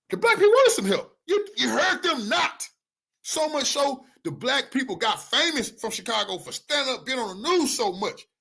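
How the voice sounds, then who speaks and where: Angry, lively-voiced male commentator ranting. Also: very high voice, creaky, breathy edge. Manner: angry, profane, preachy. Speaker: online news commentator. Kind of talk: heated commentary rant.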